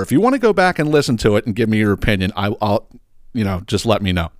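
Ranting Philly-man, dry mic. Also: no room sound. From Philadelphia area. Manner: animated, swearing, pitch jumps up when ranting. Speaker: podcast host. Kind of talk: casual ranting monologue. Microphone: side-address studio microphone.

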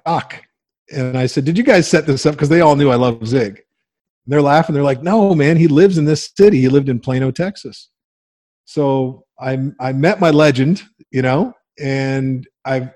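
A man in his forties tells a story as an interview guest, close to a dry mic. His pitch is middling and he throws himself into the voices of the people he quotes, laughing often. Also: steady tone, normal speed, darkish tone, no room sound. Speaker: guest, coach and agency owner.

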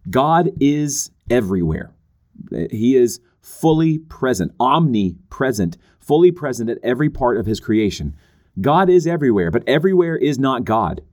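A man's voice: mid-range voice, a little mellow. A man giving a Bible teaching, earnest and emphatic, walking through points in numbered lists with occasional restarts and asides. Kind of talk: teaching talk on theology.

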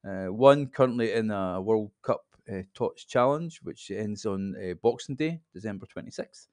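A man in his fifties, a podcast guest, explaining things in a relaxed, rambling casual chat. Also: fairly low pitch, normal speed, dry recording, clean studio sound. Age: 50s.

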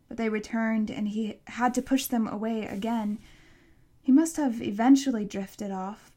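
A woman narrating an audiobook in a hushed voice that drops to a whisper in tense passages. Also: on the high side.

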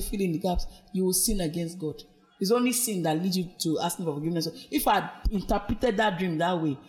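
A woman with a Nigerian accent, a podcast guest earnestly recounting her life and weaving in her faith. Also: fairly low pitch. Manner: earnest, reflective storytelling with faith references. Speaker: guest, abuse survivor. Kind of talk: personal testimony in a podcast interview.

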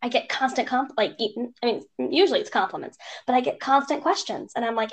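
A young woman co-hosting a casual podcast, telling stories in an animated way and mimicking strangers' voices. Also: a little high, quick pace, slightly rough. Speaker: podcast co-host. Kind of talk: casual chat.

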